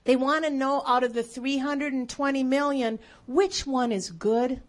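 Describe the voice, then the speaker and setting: A woman's voice: sits high, unhurried. A woman telling a faith story as a sermon, earnest and emphatic. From United States. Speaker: speaker.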